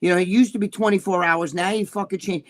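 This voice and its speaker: A middle-aged man, ranting loudly and profanely as a podcast co-host. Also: high-pitched, fairly even intonation. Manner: loud, profane, fast-shifting rant.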